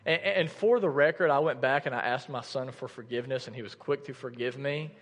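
A man's voice: fairly high pitch, fast, hardly any pauses, a bit bright. A man in his thirties preaching a sermon, telling a personal story candidly and often restarting his sentences. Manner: candid storytelling with many restarts and filler words. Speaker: pastor. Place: church sanctuary. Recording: church hall with long reverb.

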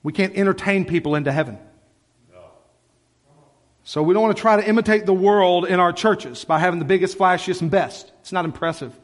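A man's voice: high-pitched, a little fast. A man preaching a sermon as pastor, speaking passionately in a conversational way full of "like". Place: church sanctuary. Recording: long church hall reverb.

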